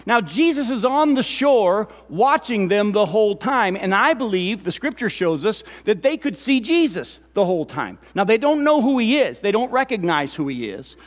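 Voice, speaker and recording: A man with a high voice preaching an animated sermon in a church, throwing questions at his listeners. His voice rings with the long reverb of a large hall. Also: moderate pace, hardly any pauses. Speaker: pastor.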